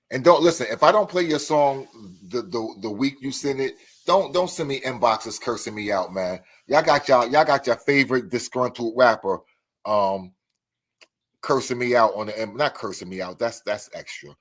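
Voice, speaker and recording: A man hosting an internet radio show in casual chat, rambling with many restarts and fillers and breaking into loud, emphatic bursts. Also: on the low side.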